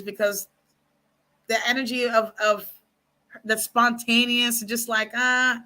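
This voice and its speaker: A woman talking casually to her viewers, giving frank dating advice and telling stories with lots of asides. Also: a little high. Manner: chatty, frank, animated storytelling with many asides; speaks to viewers as y'all and ladies. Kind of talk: casual advice chat to camera.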